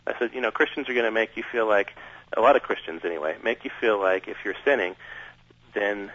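A man talking as a radio interview guest, earnest and measured, recounting things at length. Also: on the low side, a bit bright. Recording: dull, dry sound.

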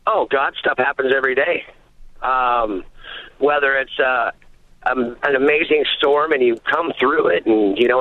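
A man's voice: medium pitch, no echo. Man, 30s, deckhand guest, casual rambling talk, tinny phone line. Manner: casual, relaxed, full of fillers. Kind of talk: phone interview.

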